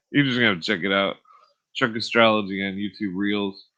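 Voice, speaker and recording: A man's voice: lowish voice, moderate pace, pushed and bright, lo-fi sound. A man hosting a podcast in a laid-back, rambling way, chuckling and trailing off with fillers, then reading aloud from a book. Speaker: podcast host.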